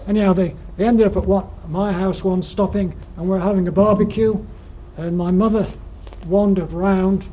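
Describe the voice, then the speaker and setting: An older man with a Yorkshire accent is the guest speaker at an alpine club, giving a rambling, dryly humorous slide-show talk in a lecture room with plenty of ums. His voice sits high, with a steady tone, normal speed, and few pauses. The lo-fi recording sounds dull and has faint noise.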